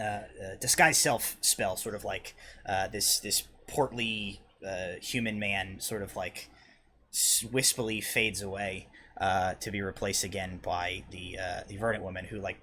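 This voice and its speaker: Casting: male game master, lowish voice, halting delivery full of fillers, faint hiss behind. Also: steady tone, sharp tone. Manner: hesitant, many ums and uhs. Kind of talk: narrating a tabletop game.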